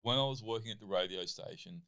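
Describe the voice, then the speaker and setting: Brief: animated Australian guy, storyteller, lowish voice. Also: fast, smooth. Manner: animated, lots of "like" and "I'm like". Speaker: guest, athlete and comedian. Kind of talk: casual interview storytelling.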